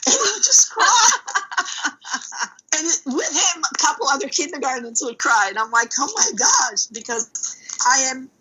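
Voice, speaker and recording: A woman, a middle school art teacher, telling energetic stories in a casual podcast interview. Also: sits high, normal speed, pauses often, breathy edge, rough recording. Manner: energetic and loud, animated retelling. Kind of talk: casual conversational storytelling.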